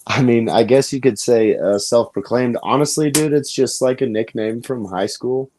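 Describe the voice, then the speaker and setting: A man's voice: medium pitch, moderate pace, mellow, slight background noise. A man from Colorado, a grappling coach, chatting easygoingly as a podcast guest. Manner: laid-back, easygoing. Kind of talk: casual podcast chat.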